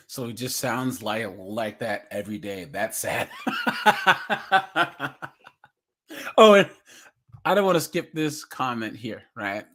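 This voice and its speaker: A man's voice: mid-range voice, expressive, slow pace, a bit bright. A young man from the West Coast, chatting casually on a livestream, laughing and reading chat comments aloud. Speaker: streamer reacting to videos and chat.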